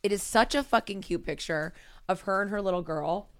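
Smooth-voiced woman podcast host, swearing and laughing. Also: medium pitch, a little fast, dry recording. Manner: swears freely, laughs often, reads listener mail aloud. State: teary. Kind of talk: casual chat.

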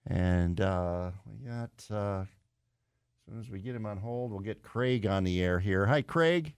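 A man's voice: on the low side, a little slow, smooth, no room sound, studio quality. A man hosting a call-in radio show, thinking aloud in a casual, rambling way with plenty of fillers and restarts. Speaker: radio talk show host. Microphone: studio microphone.

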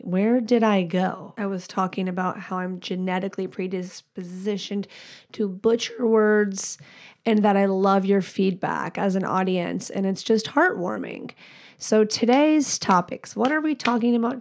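A woman hosting a podcast alone, talking candidly and rambling, swearing freely and acting out what other people say. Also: medium pitch. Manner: candid, rambling, profane, quotes people in animated voices. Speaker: podcast host. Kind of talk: casual solo podcast talk.

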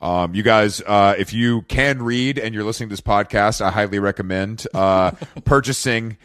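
A man's voice: fairly low pitch, normal speed, fairly bright tone, clear, resonant tone, no echo, clean studio sound. A man hosting a podcast in a casual, joking way, swearing freely and rambling through his sign-off. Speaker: podcast host.

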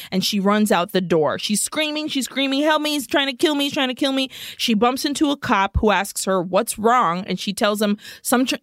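A woman's voice: fairly high pitch, no room sound, studio quality. A woman co-hosting a podcast, retelling a film scene by scene in a casual, profane way and slipping Spanish phrases in. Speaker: podcast co-host. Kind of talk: casual movie recap chat.

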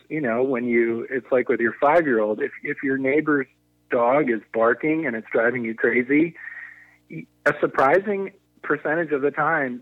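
A man's voice: medium pitch, dry recording. A man being interviewed as a negotiation consultant, explaining ideas thoughtfully and often restarting his sentences. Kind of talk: conversational podcast interview. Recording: tinny phone-line audio.

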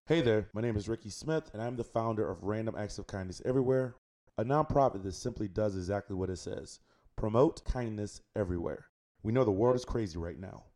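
Low, mellow man reading a promo. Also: a little fast, soft background music. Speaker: nonprofit founder reading an ad. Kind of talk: scripted promo read.

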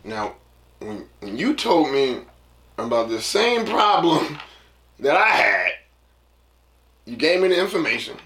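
A man's voice: on the high side, sing-song, slow pace, pauses often, bright, forceful tone, roomy sound. A man hosting a casual solo podcast, rambling through a story in loose slang and acting out voices. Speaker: podcast host.

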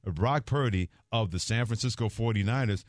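Brisk, low-voiced sports radio man. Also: no room sound, clean studio sound. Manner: jokey, quick patter with laughter. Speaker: radio show co-host. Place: radio studio.

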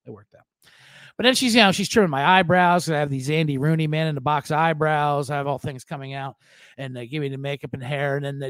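High-voiced, profane, rambling male podcast host. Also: fairly bright tone, no room sound. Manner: profane, rambling, self-deprecating storytelling. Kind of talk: casual sports podcast monologue.

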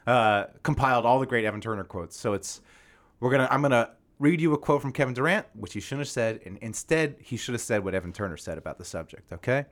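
A man co-hosting a casual sports podcast, talking quickly, repeating himself and laughing often. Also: mid-range voice, lively intonation. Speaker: podcast co-host.

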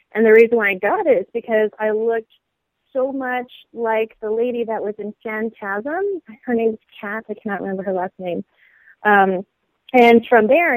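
A woman actress and model chatting as an interview guest, bubbly and quick to laugh. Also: mid-range voice, no echo, rough recording. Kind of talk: casual interview chat.

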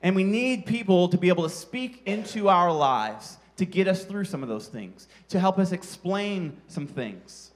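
Pastor, man, high tenor voice, animated self-mocking storyteller preaching a sermon. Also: normal speed, hardly any pauses.

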